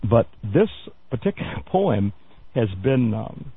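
Gravelly man hosting talk radio over a tinny line. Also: medium pitch, big pitch swings, no room sound. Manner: halting, many fillers and restarts, wry asides. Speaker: radio show host. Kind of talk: news commentary talk radio. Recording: phone-like lo-fi radio broadcast.

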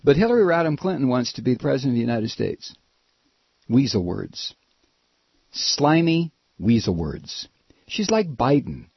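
Husky male talk-radio host, lively and sarcastic, dry dull studio sound. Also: mid-range voice, unhurried, no room sound. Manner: animated, sarcastic, mimics politicians. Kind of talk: political talk radio monologue.

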